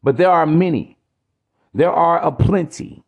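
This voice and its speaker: Male podcast host, preachy profane rant, gravelly voice pitched a bit high. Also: measured pace, narrow, tinny audio. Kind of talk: ranting podcast monologue.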